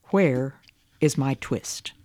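A man's voice: medium pitch, drawn-out words, darkish tone, no echo. A woman voicing a poor, sick old male tailor who pleads anxiously. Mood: plaintive.

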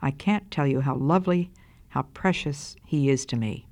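A calm, joyful woman near death, speaking softly and serenely, as a woman reads her lines aloud. Her voice is gentle and unhurried. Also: a bass voice.

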